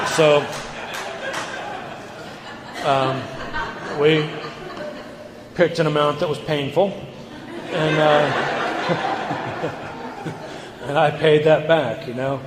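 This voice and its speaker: A man's voice: fairly high pitch, steady tone, over a noisy crowd, very noisy. Man sharing his story in an echoey hall. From United States. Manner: earnest, halting, repeats words. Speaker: recovery meeting speaker. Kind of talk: personal recovery share. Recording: echoey hall, long reverb.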